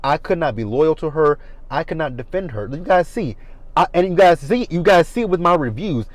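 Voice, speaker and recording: A man's voice: a little high, animated, fairly quick, no echo, rough recording. A man in his thirties giving a blunt, profane casual recap of a reality TV episode from his car. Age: 30s. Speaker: reality TV reviewer. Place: parked car.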